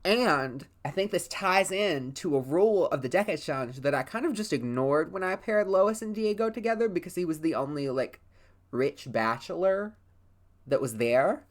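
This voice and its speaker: Woman, low voice, lively swings in pitch, casual gameplay commentary, rambling and profane. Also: moderate pace. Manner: chatty, profane, rambling storytelling with many fillers. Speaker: let's play host.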